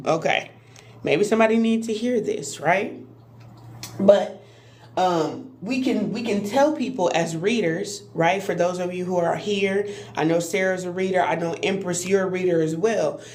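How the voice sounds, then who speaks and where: A woman talks earnestly into her phone on a live stream, teaching about healing as a spiritual reader. Her voice sits a little low, and she keeps checking in with her listeners and restarting her words. A faint ambient hum runs behind her. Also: normal speed, a little mellow. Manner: earnest, repeats "right?" often, restarts words. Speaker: spiritual reader and Reiki healer.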